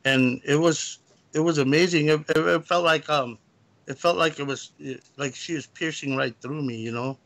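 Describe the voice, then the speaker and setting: A man calling in as a guest, telling a personal story in a rambling, halting way. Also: a little high, fairly bright tone. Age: adult, lived in California. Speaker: guest caller. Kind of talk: casual storytelling.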